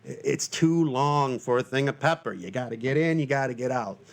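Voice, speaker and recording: A man in his forties from Northern Michigan, US, hosts a rambling solo podcast at normal speed with a creaky voice. Loose and self-mocking, he's full of fillers and restarts, and breaks into shrill, panicky shouts for comic effect.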